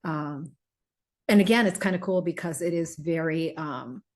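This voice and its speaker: A woman's voice: low-pitched, normal speed. A middle-aged woman hosting a casual podcast about herbal remedies, talking in a rambling, chatty way with many fillers and restarts. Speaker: host selling herbal remedies.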